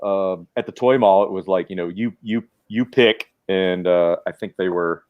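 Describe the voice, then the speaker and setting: A man talking as a livestream guest, animated and quoting himself and his toys in little voices. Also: deep voice, normal speed, phone-quality sound. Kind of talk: casual livestream chat.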